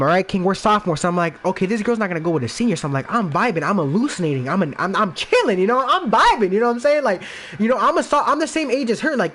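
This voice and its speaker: Pitched high with a fairly bright tone, a young man from the Los Angeles area talks as a podcast guest. His casual, profane personal story wanders, with plenty of restarts and "like."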